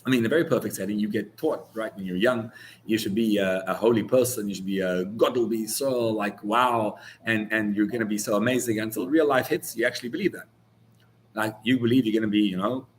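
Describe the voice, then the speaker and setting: A man's voice: lowish voice, a bit bright, a little hiss or hum. A man, a rabbi, giving an informal Torah class in a searching, conversational way, full of restarts, that builds to heated emphasis on key words.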